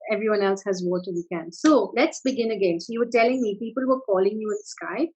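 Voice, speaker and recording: A woman coaching a guided tapping session over a video call, soothing and full of praise as she gives calm step-by-step prompts. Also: mid-range voice, quick pace, slightly rough, low-quality recording.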